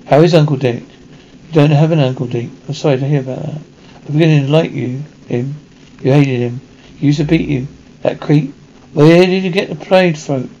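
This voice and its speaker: A man acting in a 1980s TV action drama, trading brisk, gruff banter, heard on a dull lo-fi TV soundtrack. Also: on the high side, warm tone, a little hiss or hum. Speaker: TV actor.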